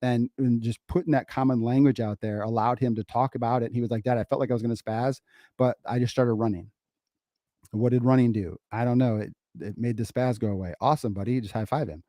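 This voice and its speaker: A middle-aged man co-hosting a casual podcast, telling family stories in an animated way and repeating phrases for emphasis. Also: mid-range voice, quick pace, dry recording, clean studio sound. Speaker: podcast co-host, father.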